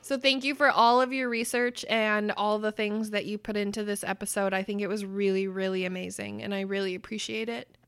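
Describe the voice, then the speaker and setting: A young adult woman co-hosting a casual podcast, telling stories with swearing and bursts of loud laughter. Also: mid-range voice, little pitch movement, fairly quick, smooth. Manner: swearing, storytelling, laughs loudly. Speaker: podcast co-host. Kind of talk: casual chat.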